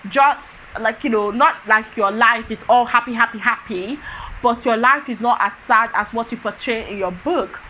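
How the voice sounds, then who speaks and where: A woman's voice: a little high, moderate pace, bright, forceful tone, highs cut off, slight background noise. A woman giving a casual book review, thinking aloud with many fillers and restarts.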